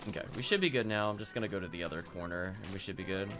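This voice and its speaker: A man streaming a game, casually commenting and talking to his chat in a relaxed way. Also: deep voice, racing. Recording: game music behind.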